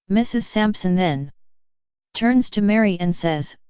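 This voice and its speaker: Slow, deadpan woman reading jokes. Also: mid-range voice, clear, resonant tone, no room sound, muffled recording. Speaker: joke reader. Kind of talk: scripted joke narration.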